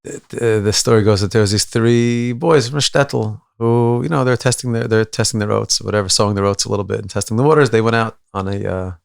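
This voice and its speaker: A man who is a rabbi, a podcast guest telling a story in an animated way and acting out voices. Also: on the low side, brisk, vocal fry, hardly any pauses, no room sound. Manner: animated, acts out voices, many restarts. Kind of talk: conversational storytelling.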